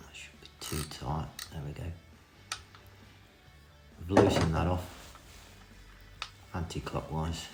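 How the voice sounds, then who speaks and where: A man giving a cheeky, self-mocking running commentary in a casual hands-on repair tutorial. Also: sits low. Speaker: vintage reel restorer. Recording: echoey room with music behind.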